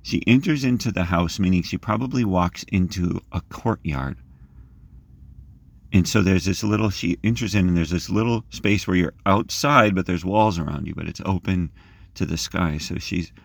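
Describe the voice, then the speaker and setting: A man leading a guided scripture meditation, gently inviting listeners to imagine the scene and rising in pitch as he reads the verses. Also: moderate pace, vocal fry, no room sound. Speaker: prayer leader.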